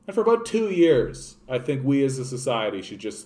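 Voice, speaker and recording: A young man from Canada ranting about politics, swearing often and swinging between loud outbursts and hushed, soothing asides. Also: mid-range voice, sing-song, a little fast, hardly any pauses. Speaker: political streamer. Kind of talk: profane political rant.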